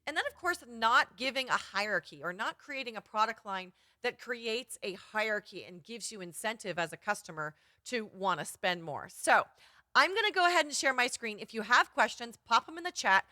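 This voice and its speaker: A woman's voice: fairly high pitch, animated, normal speed, sharp tone, no echo, studio quality. A woman photography business coach giving an upbeat, chatty live-streamed workshop.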